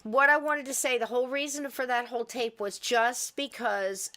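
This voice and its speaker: A woman's voice: on the high side, fairly even intonation, normal speed, sharp tone. Woman podcast host, casual and talkative, easy laughter. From US East Coast. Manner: chatty, rambling, laughs often.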